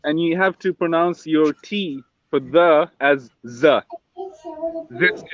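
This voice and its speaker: A man's voice: on the high side, takes it slowly, no room sound. A man with an Arab accent, a podcast guest in casual, joking chat on a home video call. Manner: joking, playful. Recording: dull dry lo-fi stream audio.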